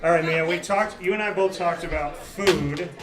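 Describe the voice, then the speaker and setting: A man hosting a casual live interview in a restaurant, teasing and telling animated stories. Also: fairly high pitch, moderate pace, over music. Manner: playful, teasing, animated storytelling. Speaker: host. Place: busy restaurant. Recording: noisy restaurant crowd. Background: crowd chatter.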